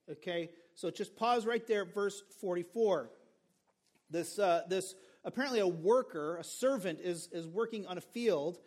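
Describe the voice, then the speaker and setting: A male pastor preaching a sermon in an animated, conversational way. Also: sits high, normal speed. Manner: animated, conversational, acts out characters.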